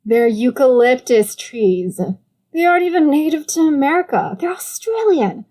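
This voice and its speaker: A woman's voice: high-pitched, big pitch swings, normal speed, pitched above the performer's own voice. A woman voicing a mocking, irritable older brother. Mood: annoyed. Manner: loud, exasperated retorts. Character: irritable young adult brother, blunt and mocking. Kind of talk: audiobook character voice.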